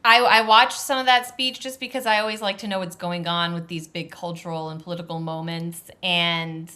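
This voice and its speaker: A woman's voice: fairly low pitch, fairly even intonation, moderate pace, sharp tone. A woman journalist talking candidly as a podcast guest, wry and laughing now and then. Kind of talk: casual interview talk.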